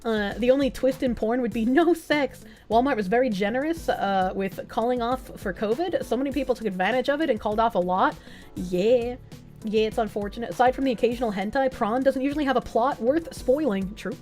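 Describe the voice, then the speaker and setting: A woman's voice: fairly high pitch, fairly quick, a little mellow. A young woman streaming, chatting casually, reading chat aloud, and swearing freely as she talks. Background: faint music.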